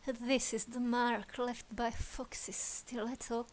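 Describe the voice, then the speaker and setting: A woman's voice: fairly high pitch, level tone, takes it slowly, slight background noise, low-quality recording. A woman voicing a flamboyant, teasing man who speaks in a theatrical, savoring way. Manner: theatrical, purring, savoring each word.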